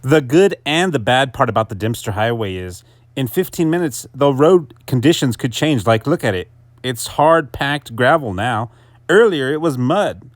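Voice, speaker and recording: A man's voice: medium pitch, lively intonation, normal speed, no room sound. A young man narrating his motorcycle trip vlog in a casual, jokey, self-mocking voice-over. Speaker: motorcycle vlogger.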